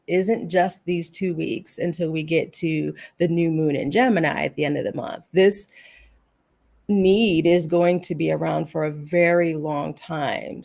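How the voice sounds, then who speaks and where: A woman's voice: fairly low pitch, gravelly, darkish tone. A woman, a guest practitioner of the healing arts, giving earnest, reassuring spiritual advice over a remote call, with loose restarts.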